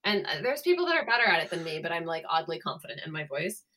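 A woman co-hosting a casual podcast, spinning a rambling, chatty story. Her voice sits a little low but rings bright and clear. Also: quick pace. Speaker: podcast co-host. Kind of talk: casual chat.

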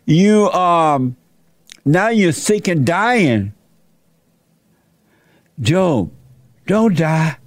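A man's voice: on the high side, big pitch swings, drawn-out words, long pauses, no room sound, studio quality, full character voice. A man voicing fickle male friends who plead urgently with a dying man.

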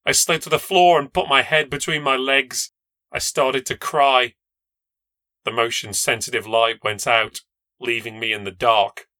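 Man narrating a ghost story, bright voice. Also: mid-range voice, fairly even intonation, measured pace, no room sound. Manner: tense, dramatic storytelling. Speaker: podcast narrator.

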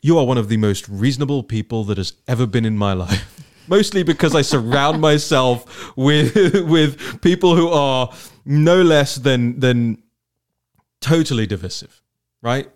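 A man hosting a political talk show, talking in an animated, rambling way and often repeating words as he thinks aloud. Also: medium pitch, a little slow. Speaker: podcast host.

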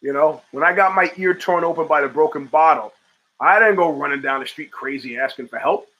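Bright-voiced rambling male talk host. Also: on the high side, fairly quick, low-quality recording. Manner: rambling, profane, reads chat and answers it. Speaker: podcast host. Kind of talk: casual talk show monologue.

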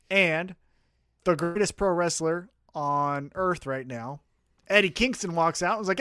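A man's voice: a little high, unhurried, smooth, no room sound, clean studio sound. A man co-hosting a podcast in casual chat, telling stories with lots of swearing and acted-out quotes. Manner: profane, animated storytelling with acted-out quotes. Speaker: podcast co-host.

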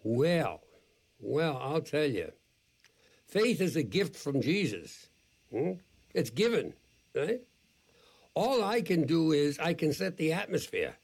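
A man's voice: on the high side, sing-song, slow pace, vocal fry, long pauses, a little mellow, slightly rough. A man in his eighties with a Boston accent, a priest speaking as a podcast guest in a wry, plainspoken way. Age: 80s. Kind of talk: casual conversation.

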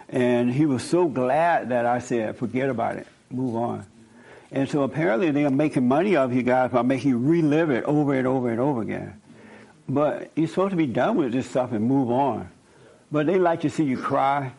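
A man with a gravelly, creaky voice telling stories from his counseling work. He talks casually and emphatically, repeats his points, and acts out both sides of each conversation. His pitch sits in an ordinary middle range. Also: darkish tone, poor audio. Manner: emphatic, repetitive, quotes himself and others in dialogue. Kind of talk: informal storytelling talk.

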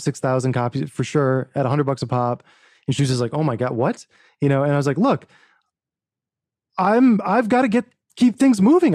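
Man, author guest, animated storytelling, acts out dialogue, restarts often, mellow tone, dry close recording. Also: medium pitch, no echo. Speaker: author and book producer, podcast guest. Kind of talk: casual interview storytelling.

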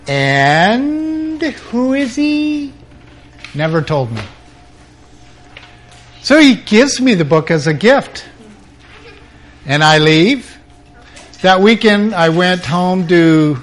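A man's voice: fairly high pitch, a bit bright. An older man, a preacher, telling his personal testimony as a dramatic storyteller whose voice rises at the intense moments.

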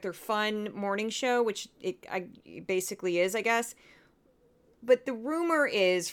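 A woman hosts a podcast in a chatty, rambling way, often poking fun at herself. Her voice is bright and clear. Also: medium pitch. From Missouri. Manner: chatty, rambling, self-deprecating. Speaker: podcast host. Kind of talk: casual commentary.

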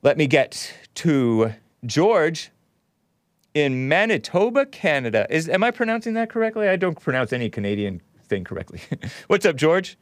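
A man's voice: a little high, big pitch swings, normal speed, no room sound, studio quality. A man hosting a call-in show, talking in a rambling way that often breaks off and laughs. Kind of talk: casual call-in talk.

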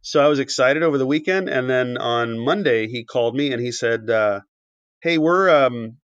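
Animated male guest telling a story. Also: medium pitch, fairly quick, no room sound. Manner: animated, acts out quoted dialogue, many fillers and restarts. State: briefly choked up. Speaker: podcast guest, author and animation writer. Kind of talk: conversational storytelling. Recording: dull, dry podcast audio.

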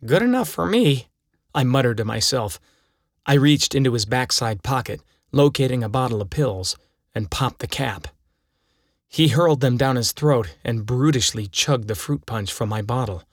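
A man reads his own first-person story aloud dramatically, acting out the quotes. His voice is medium-pitched at a normal speed. The sound is clean studio audio with no echo.

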